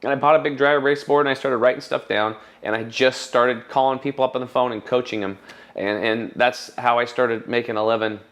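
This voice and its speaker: A man's voice: mid-range voice, fairly even intonation, a little fast, fairly bright tone. Passionate storytelling man. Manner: passionate, restarts often, quotes people in raised voice. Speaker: supplement formulator, guest. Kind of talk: emotional storytelling in an interview.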